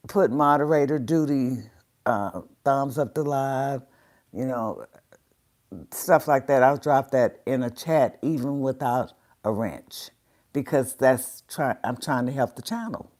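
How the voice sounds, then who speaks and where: A woman with a deep, darkish voice hosts a laid-back livestream, chatting with viewers and calling them by name. Her sinuses are congested, so she sounds a little blocked up.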